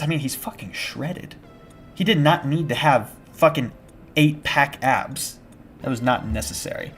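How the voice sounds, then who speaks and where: A young man chatting casually on a live gaming stream, rambling and restarting his sentences, with bursts of shouted panic. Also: medium pitch. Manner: rambling and self-interrupting, with sudden shouted panic at scares. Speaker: game streamer. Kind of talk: casual live-stream chat while playing. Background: background music.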